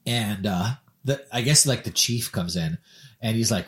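A man from Minnesota co-hosting a podcast, telling a story in a casual, animated way and acting out the quoted voices. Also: fairly low pitch, measured pace. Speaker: podcast co-host.

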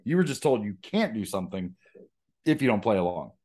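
A man's voice: on the low side, big pitch swings, brisk, darkish tone. A man co-hosting a podcast, ranting heatedly in casual chat with frequent swearing. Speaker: podcast co-host.

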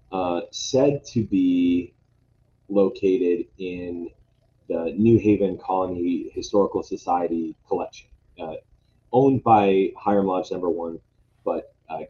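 Low dark-voiced guy giving a talk, lots of ums and restarts, kinda muffled recording. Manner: hesitant, many fillers and restarts. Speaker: lodge member presenting history. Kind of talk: casual presentation. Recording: dull lo-fi sound, faint noise.

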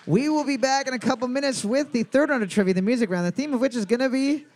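A man's voice: very high-pitched, fast, few pauses, a little mellow. A man hosting a bar trivia night, joking and swearing with his co-host as he reads answers and scores. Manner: crude, joking, profane.

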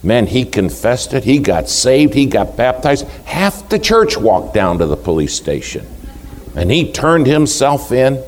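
A man's voice: mid-range voice, sing-song, measured pace, pitched above the performer's own voice. A man in a sermon voicing a frank, teasing church woman who talks in a folksy way. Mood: matter-of-fact. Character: blunt friendly older church woman, woman.

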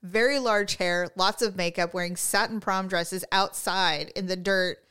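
A woman's voice: unhurried, smooth. A woman in her forties, co-hosting a casual chat and telling stories with lots of expression. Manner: animated storyteller, acts out quotes in a high voice. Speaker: podcast co-host.

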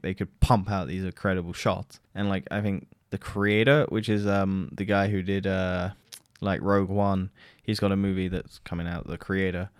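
A man's voice: deep voice, smooth, no room sound, clean studio sound. A man hosting a solo podcast, giving a rambling, profane film review and mockingly quoting characters. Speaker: podcast host.

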